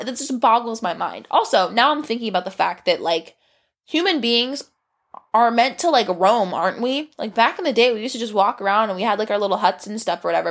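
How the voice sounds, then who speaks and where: Young woman, solo podcast host, a bit high-pitched. Casual, candid, profane, drifts off track.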